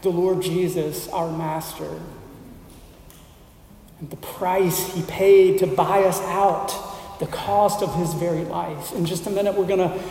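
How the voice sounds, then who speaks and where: A male pastor with a high, mellow voice preaches an unhurried sermon, pausing between phrases and building emphatic lists. He sounds a little distant from the mic, and his voice rings through a large, reverberant church hall. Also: fairly even intonation, slight background noise. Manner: measured preaching with deliberate pauses and emphatic lists.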